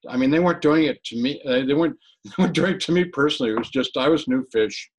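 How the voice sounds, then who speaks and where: A man giving an earnest personal testimony in an interview, talking haltingly with frequent restarts. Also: a little high, husky, poor audio. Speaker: interview guest.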